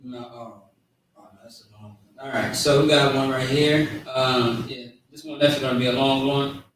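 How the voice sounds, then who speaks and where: A man giving a casual, slangy lesson on words, spelling them out slowly. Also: medium pitch, steady tone, a bit bright. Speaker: teacher of a language class. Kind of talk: informal lesson with a live chat. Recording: echoey room, far from mic, faint noise.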